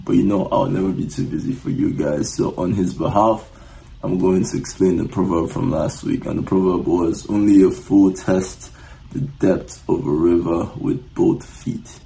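Guy chatting on a podcast, low gravelly voice, dark tone, laid-back. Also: steady tone, normal speed, rough recording. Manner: laid-back, hypes up the audience. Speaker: podcast co-host. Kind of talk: casual chat.

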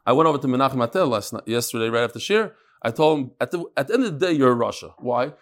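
A man's voice: medium pitch, expressive, rapid-fire. A man teaching a casual study-group class, chanting lines and then explaining them with restarts and joking asides. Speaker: Talmud teacher.

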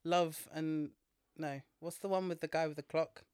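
A man co-hosting a podcast, excitable and slangy, laughing easily. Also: a little high, moderate pace, a little hiss or hum. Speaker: podcast co-host. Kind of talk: casual chat.

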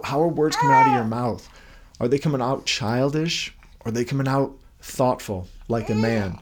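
A man's voice: medium pitch, very noisy. A man giving a casual devotional talk to other men, asking many rhetorical questions in a loose, conversational way while holding his young son at home. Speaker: Christian men's podcast host and father.

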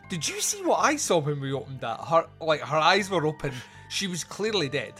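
A man's voice: on the high side, very animated, normal speed, hardly any pauses, sharp tone, faint music behind. A man hosting a podcast, casually recapping film scenes with frequent laughs and quoted lines. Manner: recounts scenes, laughing, quoting characters. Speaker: podcast host. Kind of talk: casual movie review chat.

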